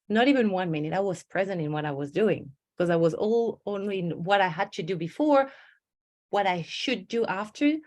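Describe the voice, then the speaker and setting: A middle-aged woman, a stress management coach giving a webinar and telling stories with acted inner voices. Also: mid-range voice. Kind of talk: webinar presentation.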